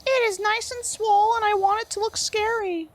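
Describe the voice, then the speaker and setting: A woman putting on a high, boastful voice for an imagined swole version of herself. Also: steady tone, normal speed. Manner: boastful, showing off. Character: a proud, swole future gym self.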